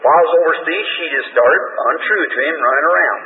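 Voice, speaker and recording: A man preaches in a folksy, conversational style, his voice sitting a little high. He is heard from a distance in a hall with a long echo. The recording is thin and tinny, like an old phone line. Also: brisk. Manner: folksy, conversational testimony with quoted dialogue. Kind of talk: sermon storytelling.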